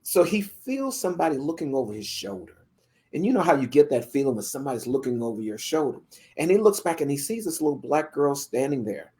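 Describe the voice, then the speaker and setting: Brief: podcast guest spinning a story, lively pitch swings, lots of "you know". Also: brisk. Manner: vivid, animated storytelling with many "you know"s. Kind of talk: told story in conversation.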